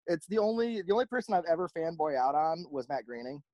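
A man telling stories in a casual chat, rambling and animated, often acting out the voices of people he quotes. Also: on the high side, fast, lo-fi sound. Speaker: podcast host, merch company owner.

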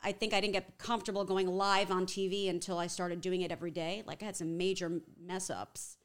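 A woman with a Long Island accent, a TV reporter guesting on a podcast, chatting in an animated way and laughing easily. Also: lowish voice, brisk, smooth. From Long Island, New York. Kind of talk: casual chat.

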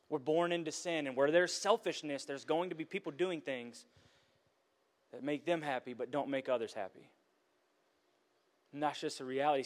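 Middle-aged male pastor, earnest and emotional in the pulpit, slightly high voice, long hall echo. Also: fairly bright tone. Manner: earnest, emotional testimony with restarts. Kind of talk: sermon.

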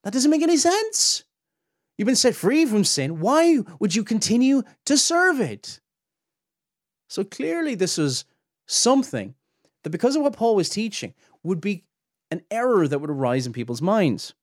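A man's voice: high voice, sing-song, normal speed, dry recording. Earnest man teaching, dry close sound. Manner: emphatic, earnest, rises sharply when pressing a point. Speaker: podcast host and Bible teacher. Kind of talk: theological teaching talk.

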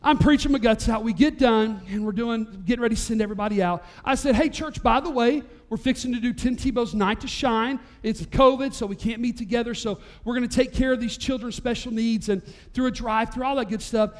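Male pastor, unusually high voice; animated storytelling sermon delivery. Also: brisk, hardly any pauses. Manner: storytelling, animated, voice rising to near-shouts at climaxes. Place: church sanctuary.

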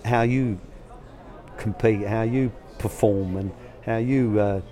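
Slow and steady, an older man with a low, dark voice shares stories from his time as a youth academy manager. He answers the interview in a colloquial, anecdotal way about coaching young players, acting out the voices in each tale.

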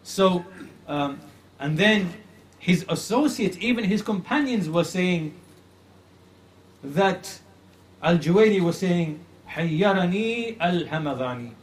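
Earnest male religious lecturer. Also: high voice. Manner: earnest, repeats phrases for emphasis, slows to stress points. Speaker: Islamic creed teacher. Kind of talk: religious lecture retelling a classical story.

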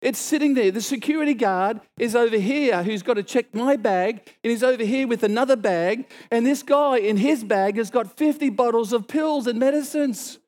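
A man's voice: moderate pace, hardly any pauses. A middle-aged man preaching, telling a story and acting out the dialogue with sudden exclaimed lines. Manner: animated, acts out dialogue with sudden high exclamations. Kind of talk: storytelling sermon.

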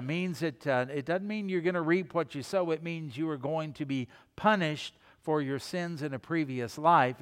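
Male pastor, slightly higher voice, preaching a sermon, repeats lines, sinks to soft low tones for emphasis, long hall reverb.

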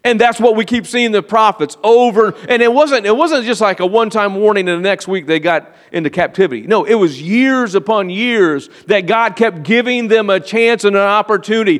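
A man pastor giving an earnest sermon, often slowing down and dropping to a quiet, confiding tone. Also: high voice. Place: church sanctuary. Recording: long reverb of a large hall.

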